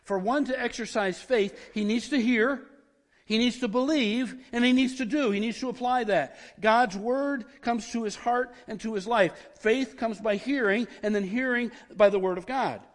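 Excitable high-voiced male preacher. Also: normal speed, long reverb tail. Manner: excitable, repeats words when worked up. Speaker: pastor. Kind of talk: sermon.

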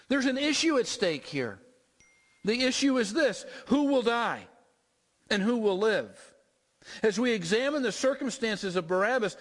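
A male preacher with a high voice delivers a sermon. He draws listeners into a scene with repeated "you can hear" build-ups. His voice rings with the long reverb of a large hall. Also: a bit bright. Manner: vivid second-person storytelling, repetitive build-ups.

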